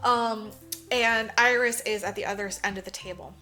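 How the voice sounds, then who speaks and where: Woman podcaster retelling a movie, bright voice, cusses a lot, acts out the lines. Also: mid-range voice, normal speed, faint music behind. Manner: animated, swears freely, acts out characters' lines. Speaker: podcast co-host. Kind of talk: casual movie recap chat.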